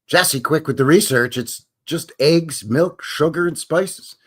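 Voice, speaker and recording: A man's voice: a little high, unhurried, fairly bright tone, husky. A man from Canada hosting a casual live stream, rambling and joking with his chat. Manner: rambling, jokey, chuckles to himself. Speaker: livestream host.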